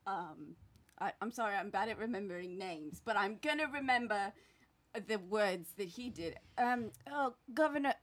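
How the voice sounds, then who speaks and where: A woman's voice: mid-range voice, lively intonation, moderate pace, close to an everyday voice. A woman playing a flustered, scatterbrained auditioner. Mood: befuddled. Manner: flustered, rambling, self-deprecating. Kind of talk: improv comedy scene.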